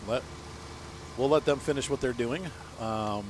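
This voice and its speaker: A let's play host jokes at his own expense while playing a farming game, chatting and laughing at his mistakes. His medium-pitched voice moves at a measured pace over some background noise.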